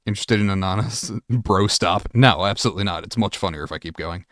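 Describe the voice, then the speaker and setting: Low voiced guy on a live stream, chatting casually, cussing and laughing, dry close sound. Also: quick pace, a bit bright, no echo. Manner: reads chat aloud, swears, laughs often.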